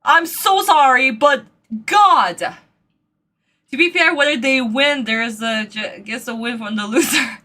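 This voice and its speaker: A woman hosting a reaction video, talking casually into her microphone at home, excitable and exclamatory, then rambling apologies. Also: high-pitched. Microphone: desk microphone.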